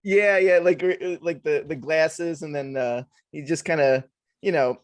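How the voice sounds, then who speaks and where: A man's voice: a little high, measured pace, no echo. A man co-hosting a casual horror podcast, rambling through jokey stories. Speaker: podcast co-host.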